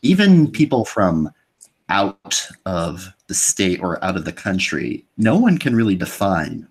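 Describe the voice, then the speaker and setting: A man with a Californian accent in casual chat, soft-spoken and reflective. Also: low voice, big pitch swings, a little slow, slightly rough. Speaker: podcast co-host, YouTuber.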